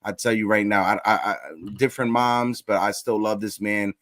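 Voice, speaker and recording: A man's voice: fairly low pitch, steady tone, normal speed, fairly bright tone, no room sound, clean studio sound. A man hosting a live sports show, speaking earnestly and from the heart to his chat, sometimes repeating himself. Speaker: podcast host.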